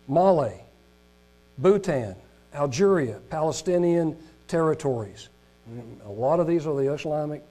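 A man preaching a sermon who reads long lists aloud, stumbling over pronunciations and rising to loud emphatic peaks before dropping low and quiet. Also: low-quality recording. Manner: rises in pitch and volume on emphatic points, drops low and soft on solemn ones. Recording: mains hum in background.

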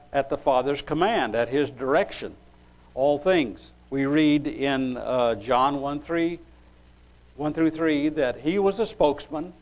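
A man preaching a sermon, reading scripture aloud and pausing as he looks up verses. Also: on the high side, low-quality recording. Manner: unhurried, pausing while looking up verses.

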